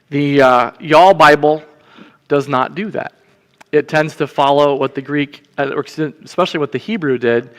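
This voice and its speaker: A man's voice: mid-range voice, a bit bright, smooth. A man, a church deacon, teaching a sermon in a casual, conversational way, often checking in with his listeners. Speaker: deacon preaching. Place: church sanctuary. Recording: long church reverb.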